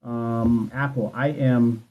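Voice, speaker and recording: A man's voice: medium pitch, flat delivery, takes it slowly, heavy background noise. Candid cursing man on a dull livestream. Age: 30s. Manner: candid, profane, talks straight to viewers. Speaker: nursing exam coach. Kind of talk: casual livestream chat answering viewer questions. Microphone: phone livestream.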